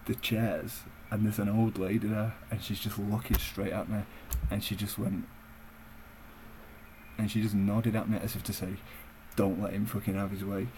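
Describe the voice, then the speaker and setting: A man's voice: on the low side, flat delivery, normal speed, a little mellow, slight background noise, poor audio. A young man tells a story in a blunt, sweary rant for his vlog. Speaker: vlogger.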